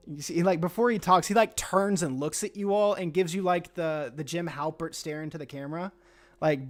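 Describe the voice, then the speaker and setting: A man's voice: on the high side, creaky. A man narrating as game master of a tabletop game, rambling and descriptive with many fillers. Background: faint music.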